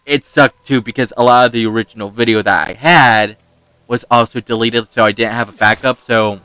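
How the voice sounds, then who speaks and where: Bright-voiced man chatting over gameplay. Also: medium pitch, steady tone, fairly quick, clear, resonant tone, dry recording. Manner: rambling storyteller who laughs and swears. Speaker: gaming YouTuber. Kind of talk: casual let's-play commentary.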